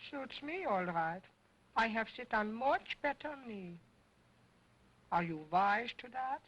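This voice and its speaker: A cheeky wooden boy dummy, cracking jokes in mangled grammar. His voice swoops up and down with lively pitch, and he takes his time over each line in early sound film style. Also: slow, muffled recording, full character voice. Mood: sassy. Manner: sassy, broken grammar, mocking.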